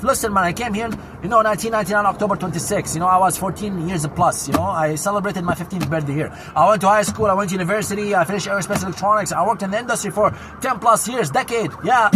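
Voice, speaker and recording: A man in his forties from Syria, with a Syrian Arabic accent, ranting loudly and indignantly to the camera outdoors, repeating his points. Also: high voice. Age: 40s. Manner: loud, projecting, heated and indignant, repeats himself. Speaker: vlogger. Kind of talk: angry street rant to camera. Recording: noisy outdoor recording with traffic.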